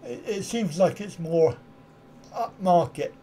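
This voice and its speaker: Speaking slowly yet with animation, this UK live-stream host has a dark tone and a voice that sits high. The middle-aged man answers viewers' comments in a relaxed way and frequently laughs at his own dry jokes at his own expense.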